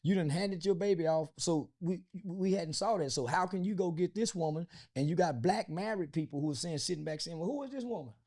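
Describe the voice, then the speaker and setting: A man's voice: on the high side, a little fast, few pauses, mellow. A man from the United States, an interview guest, talking bluntly and crudely with lots of fillers and restarts. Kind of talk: casual interview talk.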